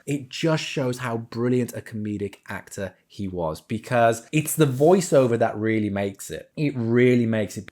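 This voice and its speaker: Young male host, middle pitch, enthusiastic video reviewer who laughs through his recaps. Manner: animated, gushing, laughs while retelling scenes.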